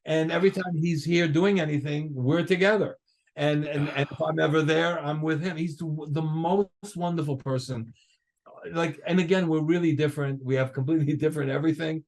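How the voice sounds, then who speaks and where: A man's voice: on the high side, fairly quick. An older man, a guest drummer, telling stories in a casual interview and acting out what others said. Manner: animated, acts out other people's lines in his stories.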